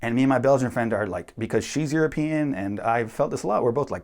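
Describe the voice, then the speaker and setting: A young man telling stories in a casual, animated monologue, bluntly acting out the people he quotes. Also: mid-range voice, fast talker. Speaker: vlogger.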